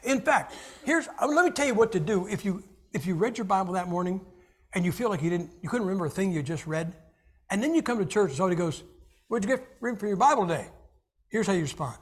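A man's voice: high-pitched, quick pace, breathy edge. A man preaching a humorous sermon, joking and acting out little scenes. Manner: animated, jokey, acts out little scenes.

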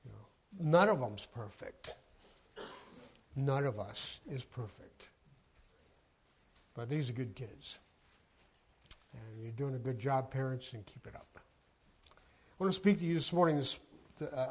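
A man preaching a sermon as pastor, talking softly and conversationally to the congregation. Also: medium pitch, lively intonation, measured pace, long pauses.

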